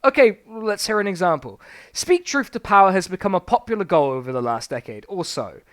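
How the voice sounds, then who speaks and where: A high, animated male voice that leaps all over its range as he reads passages aloud and then tears into them. He rants sarcastically and swears freely, in the loose manner of a live-stream book review. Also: fairly quick.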